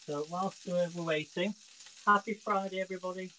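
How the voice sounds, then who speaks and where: A man hosts a casual live cooking stream from his home kitchen, chatting straight to his viewers over the sizzle of frying. His voice is high-pitched, bright and forceful, steady in tone and a little fast. The phone microphone makes for a rough recording with a little hiss or hum.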